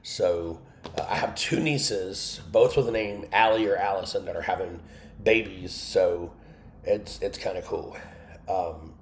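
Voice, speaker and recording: A man's voice: low voice, measured pace, roomy sound. A man hosting an online Bible study, candidly sharing an emotional personal testimony and breaking off to answer his live chat.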